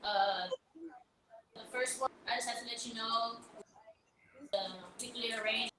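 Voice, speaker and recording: A woman's voice: on the high side, fairly even intonation, normal speed, pushed and bright, roomy sound, slight background noise, low-quality recording. A young woman, a singer being interviewed on the radio, talking casually and rambling with many fillers and restarts. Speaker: guest singer-songwriter.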